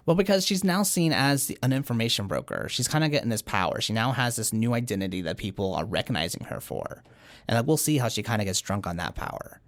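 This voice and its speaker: A man's voice: mid-range voice, lively intonation, fast talker, a bit bright, no echo. A man co-hosting a podcast, casually recapping cartoon episodes and acting out the characters' lines. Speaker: podcast co-host.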